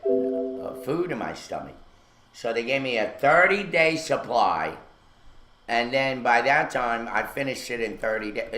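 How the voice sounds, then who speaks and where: A man's voice: lowish voice, pushed and bright. Rambling man in an echoey studio. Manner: rambling storyteller, many fillers. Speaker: radio show co-host. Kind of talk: casual chat. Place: radio studio.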